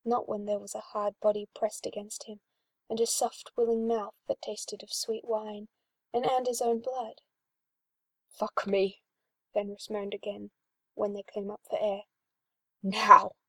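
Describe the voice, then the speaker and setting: A woman reading a fan-written story aloud in an even, smooth storytelling manner. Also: mid-range voice, moderate pace, no echo. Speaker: story reader.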